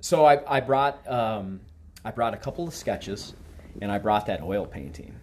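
A man's voice: fairly low pitch, moderate pace, slight background noise. Profane storytelling man on a podcast. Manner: profane, animated storyteller who acts out quoted dialogue. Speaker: podcast host. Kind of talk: casual storytelling.

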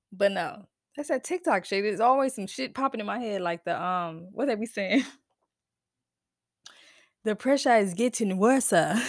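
A woman's voice: mid-range voice, a bit bright, no echo. Woman going off on a solo podcast, cussing a lot, blunt and disbelieving, dry close mic. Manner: blunt, profane, incredulous. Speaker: podcast host. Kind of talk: casual solo podcast rant.

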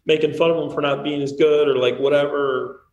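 A man's voice: a little high, little pitch movement, fairly quick, a little mellow, muffled recording, a little hiss or hum. A man in his thirties, a podcast guest, telling stories in a candid, rambling way full of fillers. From Missouri small town. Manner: candid, rambling storyteller with many likes. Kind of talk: casual chat. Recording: roomy remote call audio with faint background.

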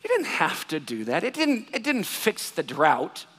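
A man with a high, bright, ringing voice preaches a sermon in a conversational, animated way, with self-deprecating humor. His voice carries a long reverb, as in a large hall. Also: measured pace, breathy edge. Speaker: pastor.

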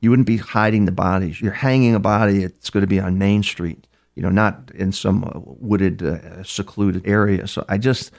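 Older male guest, gravelly and low-pitched, halting storyteller who repeats words and acts out the dialogue. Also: fairly even intonation, a little mellow. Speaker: criminal profiler interviewee. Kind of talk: storytelling interview answers.

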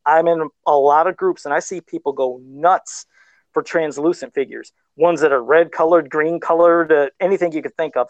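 A guest toy sculptor chats casually on a livestream about his first sculpted custom figure, poking fun at himself and laughing often. His voice is a little high, and the low-quality recording has no room sound.

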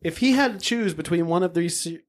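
A man's voice: sits high, a little fast. A man hosting a casual podcast, joking and swearing as he runs a game for his friends. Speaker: podcast host running a game. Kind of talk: casual chat.

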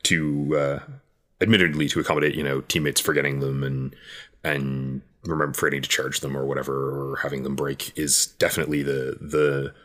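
A man's voice: very deep voice, little pitch movement, a little fast, a bit bright. A man in casual conversation, rambling thoughtfully with many "um" and "you know" fillers. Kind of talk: casual chat.

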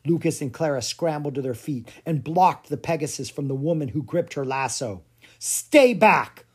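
A narrator reading a children's fantasy chapter book aloud with an expressive delivery. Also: mid-range voice, fairly quick, breathy edge. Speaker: audiobook narrator. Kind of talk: storybook narration.

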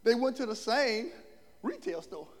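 A man preaching a sermon with emphatic delivery, often breaking into shouts. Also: extremely high pitch, very animated, unhurried. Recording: long hall reverb.

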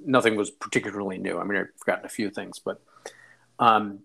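A man's voice: lowish voice, fairly even intonation, creaky, sharp tone, husky. Rambling man co-hosting a book podcast. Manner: halting, repeats words, many fillers. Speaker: podcast co-host. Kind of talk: casual book discussion.

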